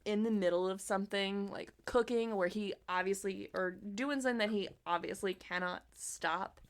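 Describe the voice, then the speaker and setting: A young adult woman co-hosting a podcast in casual chat, telling stories and acting out quotes with lively shifts. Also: normal speed. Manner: animated storyteller, acts out quotes in a high voice. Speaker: podcast co-host.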